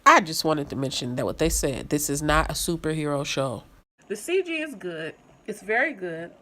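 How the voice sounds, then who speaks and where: A young adult woman hosting her own channel, casually reviewing a TV episode and talking straight to her viewers in an animated, chatty way. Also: sits low, normal speed, low-quality recording.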